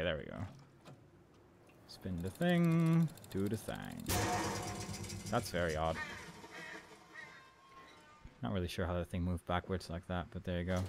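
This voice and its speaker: A man casually commenting on a horror game as he plays, rambling and amused, talking back at the characters. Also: low voice. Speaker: let's play commentator.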